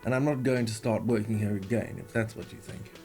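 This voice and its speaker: A man's voice: on the low side, brisk, voice pushed up, natural voice. A man voicing a grumpy, defensive middle-aged male cafeteria manager in a video game, with music behind. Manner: defensive, curt.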